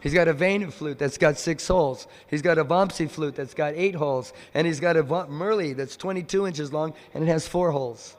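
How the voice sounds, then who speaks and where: A man giving a devotional lecture, telling stories in a lively way and slipping into the voices of his characters. His voice sits fairly high for a man. Long reverb trails each phrase, as in a large temple hall. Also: brisk, few pauses. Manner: animated storyteller who acts out the voices in his stories. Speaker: visiting speaker at a temple.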